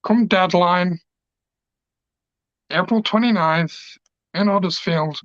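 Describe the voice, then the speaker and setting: A man's voice: sits high, slow, a bit bright, no room sound. A man, a pro wrestler cutting an emotional, passionate, rambling promo. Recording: dull lo-fi dry recording.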